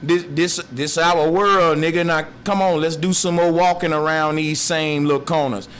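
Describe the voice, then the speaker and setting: A man's voice: fairly high pitch, fairly even intonation, moderate pace, a bit bright, clear, resonant tone, lightly acted. A man voicing a group of dismissive male rats in a maze, who talk in scoffing street slang.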